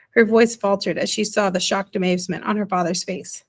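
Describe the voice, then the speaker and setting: A woman reading a children's novel aloud as narrator, in a gentle, even storytelling manner. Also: mid-range voice, fairly quick, hardly any pauses. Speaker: audiobook reader.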